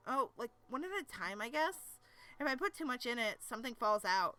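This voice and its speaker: A woman's voice: on the high side, very animated, fairly quick, bright, forceful tone, no echo. A woman reading an unsure goofy teen boy. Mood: puzzled.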